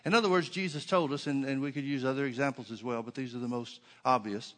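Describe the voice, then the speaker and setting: A man's voice: mid-range voice, quick pace. A man preaching a sermon to his congregation in a church, emphatic, with many rhetorical questions and repeated phrases. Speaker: pastor.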